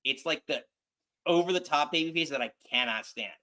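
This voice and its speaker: Bright-voiced man hosting a podcast. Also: fairly high pitch, a little fast. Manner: upbeat, moves the show along with segues. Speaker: podcast host. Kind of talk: casual wrestling chat.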